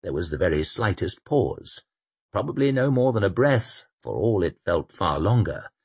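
A male audiobook narrator telling the story in a measured, expressive read. His voice is fairly low and husky, with lively rises and falls. The recording is dry and close. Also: no echo. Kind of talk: scripted narration.

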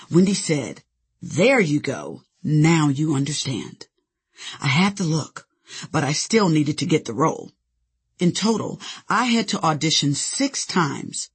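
An author narrates her own memoir, telling it in a sassy, conversational way. Her voice is fairly low and slightly rough.

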